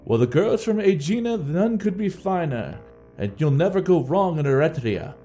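A man voicing a big muscular male warrior singing a bawdy marching song in a booming voice. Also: big pitch swings, normal speed, dark tone, soft background music. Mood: jolly. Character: large muscular male warrior who sings.

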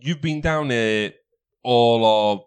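A man's voice: medium pitch, clean tone. Man running a tabletop game. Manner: halting, reads item rules out slowly. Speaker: game master.

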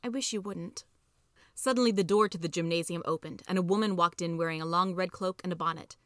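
Bright-voiced woman reading a story. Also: fairly low pitch, fairly even intonation, fast talker, no room sound, studio quality. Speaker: podcast reader.

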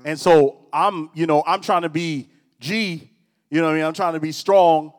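A man's voice: a little high, steady tone, moderate pace. A middle-aged man preaching a casual sermon, telling personal stories with teasing asides to the crowd. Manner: conversational, storytelling, teasing asides. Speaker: pastor. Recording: long hall reverb.

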